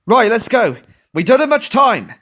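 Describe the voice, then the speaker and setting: A brave young fox leader in a storybook reading, with a high, bright, boyish voice, as a man puts him on. He talks quickly and firmly, and his voice jumps up and down. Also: very animated, exaggerated voice. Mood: commanding. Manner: pushes his voice well above his own.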